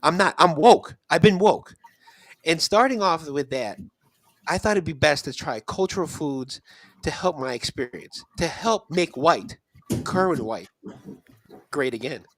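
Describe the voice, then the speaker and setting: A man's voice: a little high, lively intonation, a little slow. A man voicing a smug, self-styled reformed food reviewer who talks in a mock-formal, self-satisfied way.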